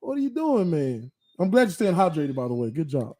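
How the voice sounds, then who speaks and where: A man's voice: fairly high pitch, big pitch swings, brisk, dark tone. A man hosting a casual sports podcast, reflective and teasing, often tagging his points with "right?". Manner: reflective, teasing, uses filler words like "right?". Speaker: podcast host.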